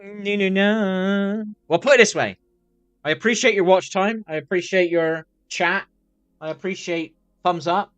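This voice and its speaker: A man's voice: sits high, moderate pace, a bit bright, no echo. A man chatting casually on a live stream, rambling, swearing freely and repeating himself as he reacts to chat.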